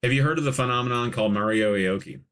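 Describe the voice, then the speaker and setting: A man hosting a podcast, chatting casually about a movie with quick jokes and frequent laughter. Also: medium pitch. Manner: animated, laughing, jokey asides. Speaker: podcast host. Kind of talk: casual movie commentary chat.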